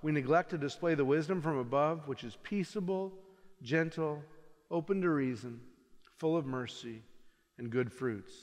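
A pastor delivering a sermon in a measured preaching manner, slowing and dropping his voice for emphasis. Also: on the high side. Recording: long hall reverb.

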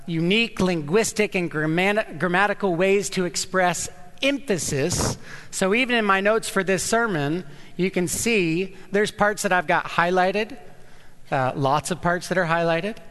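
A man preaching a sermon as pastor, emphatic and animated, repeating words for stress. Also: high-pitched, in a large hall.

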